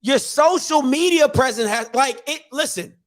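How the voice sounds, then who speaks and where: A man's voice: extremely high pitch, lively intonation, normal speed, fairly bright tone. A man hosting a podcast, giving an emphatic, opinionated rant in casual slang and firing off repeated rhetorical questions. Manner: casual slangy delivery with restarts. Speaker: podcast host.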